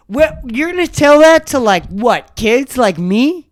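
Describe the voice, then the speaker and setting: A young adult podcast host giving an angry, profane rant on a solo episode, sometimes breaking into shouts. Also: high voice, animated, a little slow.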